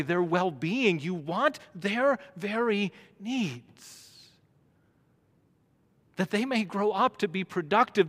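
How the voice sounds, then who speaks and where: A man preaching a sermon as pastor, building to loud emphatic runs. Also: sits high. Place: church sanctuary. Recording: long hall reverb.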